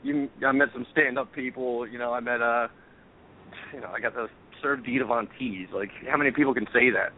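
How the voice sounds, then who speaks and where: A man's voice: mid-range voice, steady tone, brisk, slight background noise. Candid, swearing man on a tinny line. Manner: candid, profane storyteller with frequent restarts. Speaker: guest chef. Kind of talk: casual chat. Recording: tinny phone-like sound.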